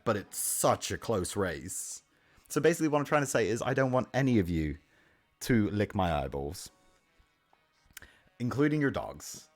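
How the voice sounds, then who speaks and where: A young man streaming live, chatting casually with his chat, answering questions and swearing offhand. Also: on the low side. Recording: faint music in the background. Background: faint music.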